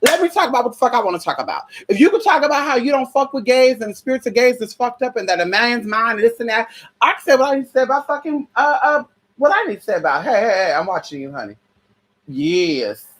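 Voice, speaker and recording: A woman's voice: on the high side, animated, fast. A young adult woman from the United States in a casual opinion rant, sassy and profane, calling listeners honey and girl. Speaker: spiritual vlogger.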